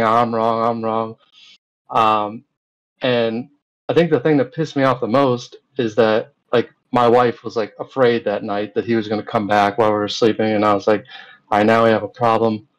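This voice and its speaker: A man's voice: mid-range voice, fairly even intonation, normal speed, rough recording. A man, a guest in an interview, recounting events in a rambling, casual way full of fillers and retold dialogue.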